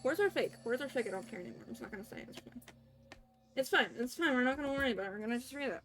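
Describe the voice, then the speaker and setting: A woman's voice: high-pitched, lively intonation, rapid-fire, a bit bright. A young adult woman streaming a video game, chatting casually, swearing, and laughing at her own mispronunciations.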